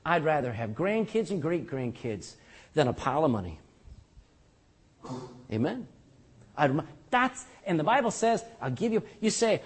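Husky-voiced older preacher, lively delivery. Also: male voice, on the high side, normal speed, pauses often. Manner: animated preaching with jokes and rhetorical questions. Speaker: pastor. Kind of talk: sermon.

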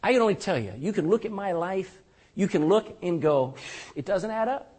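Husky-voiced older preacher, lively delivery. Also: male voice, sits high, fairly quick. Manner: animated preaching with jokes and rhetorical questions. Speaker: pastor. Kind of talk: sermon.

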